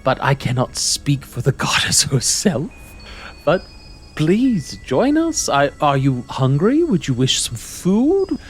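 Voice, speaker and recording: A serene celestial woman, put on by a man who greets her guests with formal warmth. The voice climbs high and lilts far above his own, and the speech is slow and unhurried. Soft music plays faintly behind her. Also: huge pitch swings, heavily acted. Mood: welcoming. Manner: warm and welcoming, gently formal speech. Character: gracious serene female celestial host.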